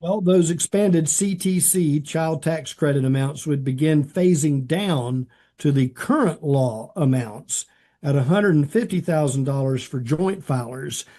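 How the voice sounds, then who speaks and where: A man with a slightly high, dark-toned voice speaks at a measured pace. He co-hosts a podcast talk show, working through policy details hesitantly and with lots of fillers in a conversational commentary.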